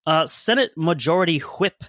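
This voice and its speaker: A man co-hosts a history podcast, reading archival quotes aloud and slipping in dry jokes. His voice is bright and a little high, recorded close and dry with no room sound. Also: lively intonation, normal speed, no room sound. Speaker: podcast co-host. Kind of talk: history podcast narration and chat.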